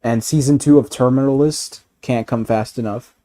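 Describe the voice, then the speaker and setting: A man ranting in casual chat as a streamer, animated and profane, often laughing. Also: medium pitch, moderate pace.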